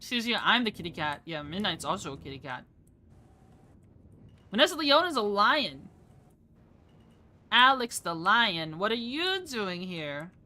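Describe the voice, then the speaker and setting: A young woman streamer talks to her chat in a bright, forceful voice. She jumps from topic to topic, rambling and laughing along the way. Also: medium pitch, very animated, a little slow, long pauses. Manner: chatty, rambling, laughs often. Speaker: VTuber streamer. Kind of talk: casual live-stream chat.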